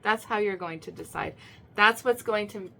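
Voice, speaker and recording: Her voice is gravelly and mid-range, and she talks at a moderate pace. This tarot reader keeps things casual and chatty, stressing points, repeating herself, restarting often with plenty of fillers, and breaking into loud, excited outbursts.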